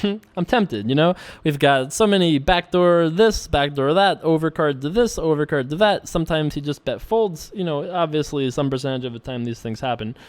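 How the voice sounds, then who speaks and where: A man's voice: on the high side, moderate pace. A man casually commentating his own online poker session, joking and laughing often. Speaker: poker streamer.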